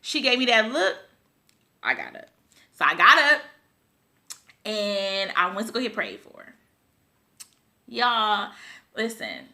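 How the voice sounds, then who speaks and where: A woman's voice: mid-range voice, big pitch swings, slow pace, pauses often, bright, forceful tone. A woman vlogger telling a personal story, tearful and rambling, laughing through her tears.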